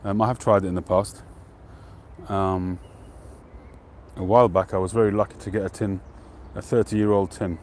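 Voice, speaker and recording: A man hosting a live stream outdoors, chatting to viewers in a relaxed, rambling way and greeting them by name. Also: sits low, normal speed, a little hiss or hum. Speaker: pipe-smoking livestream host. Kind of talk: casual live-stream chat.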